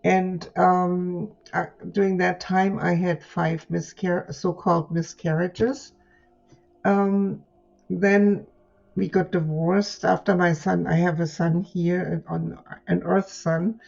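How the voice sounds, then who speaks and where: Gravelly older German woman. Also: lowish voice, level tone, slow, a little mellow, dull audio. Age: 80s. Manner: chatty, rambling with fillers. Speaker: guest.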